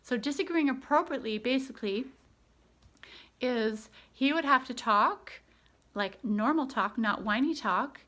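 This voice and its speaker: A woman's voice: on the high side, measured pace, fairly bright tone. A woman in her thirties, a homeschooling mother, giving earnest, chatty parenting advice with frequent ums. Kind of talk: casual advice vlog.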